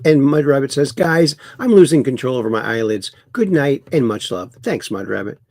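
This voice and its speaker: Man, livestream host, lively sing-song pitch, dry close sound. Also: normal speed, no echo. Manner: mocking, chuckling political commentary. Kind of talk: casual livestream chat reading comments.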